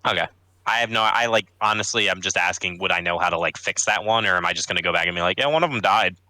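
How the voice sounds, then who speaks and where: Rambling young man, bright dry voice. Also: low-pitched, steady tone, fast, clean tone, no room sound, poor audio. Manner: rambling, full of filler "like"s, laughs easily. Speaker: player. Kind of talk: casual tabletop game play.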